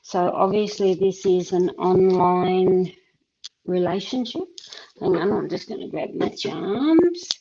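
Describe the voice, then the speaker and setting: A woman's voice: lowish voice, slow, dark tone, lo-fi sound, slight background noise. A woman with a Tasmanian Australian accent hosting a live stream, chatting as she reads tea leaf charms, thinking aloud with many ums. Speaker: host and tea leaf reader. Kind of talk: live-stream reading chat.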